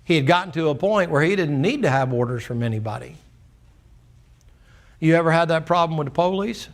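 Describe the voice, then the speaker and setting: A preacher delivers a folksy, plainspoken sermon from the pulpit of a church. His man's voice sits a little high, and he acts out the back-and-forth of the people in his story. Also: lively intonation, fairly quick. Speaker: pastor. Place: church sanctuary.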